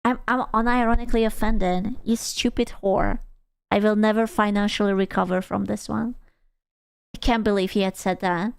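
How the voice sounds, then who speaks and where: A woman's voice: medium pitch, steady tone, moderate pace, gravelly, clean tone, no echo. A young adult woman streaming live, chatting casually with viewers in crude, teasing banter and bursts of playful squealing.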